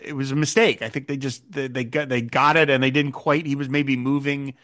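A man's voice: medium pitch, level tone, fairly quick, fairly bright tone. A man co-hosting a podcast, animatedly recapping a TV episode in casual chat and retelling scenes with quoted lines. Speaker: podcast co-host.

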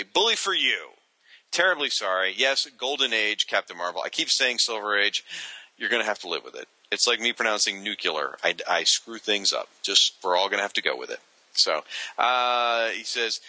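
A man with a low-set but lively voice reads listener mail on a podcast, chuckling between letters. His tone is bright and crisp, and the recording is close and dry, with no room around it. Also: normal speed, no room sound, low-quality recording. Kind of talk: casual podcast chat.

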